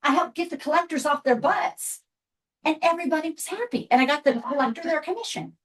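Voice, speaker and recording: A woman's voice: fairly high pitch, low-quality recording. A woman in her fifties from Seattle, telling a candid personal story to a group as guest speaker, with frequent asides. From Seattle, USA. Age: 50s.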